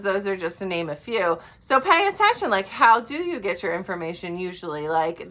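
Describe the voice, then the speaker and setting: This is a direct-to-camera coaching talk from a woman whose medium-pitched voice has a sharp tone. Earnest yet blunt, she swears casually at times and checks in with her audience after each point she makes.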